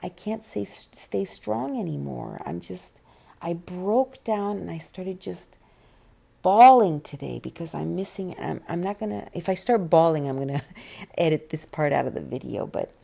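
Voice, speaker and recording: Low gravelly lady in her middle years rambling on her home vlog, teary, mellow kinda dark tone, lots of false starts. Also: animated. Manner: rambling, halting, with many restarts and fillers. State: tearful, on the verge of crying. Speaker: vlogger. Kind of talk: personal confessional vlog, soft-spoken.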